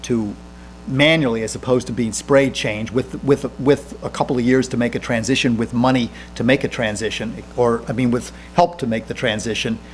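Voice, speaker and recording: A man in his fifties, a senator and guest speaker, answering audience questions in a lecture room, earnest and halting with frequent restarts. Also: mid-range voice, steady tone, slight background noise.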